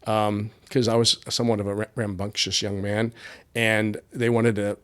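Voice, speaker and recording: A man's voice: fairly low pitch, level tone, moderate pace, a bit bright, clean tone. A middle-aged man from rural Appalachian Pennsylvania, a podcast guest telling stories in a rambling way, full of fillers and restarts. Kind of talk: casual interview storytelling.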